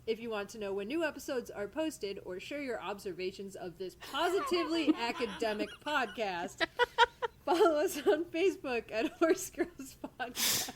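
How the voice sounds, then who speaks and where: A woman co-hosting a podcast, reading the closing credits in casual chat and often breaking into laughter. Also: high voice. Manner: giggly, keeps breaking into laughter. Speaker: podcast co-host.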